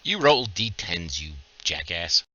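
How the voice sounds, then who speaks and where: A man running a livestreamed tabletop game as game master, casual and joking as he gives quick instructions over voice chat. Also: deep voice, sing-song, sharp tone, no room sound, dull audio.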